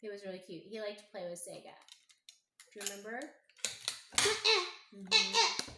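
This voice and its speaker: A hoarse, strained woman, a mother gently telling family stories to her child at home, unhurried and humming as she thinks. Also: mid-range voice, big pitch swings. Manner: gentle, unhurried, thinking aloud with hums and pauses. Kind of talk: casual storytelling to her child. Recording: echoey room with clear background noise.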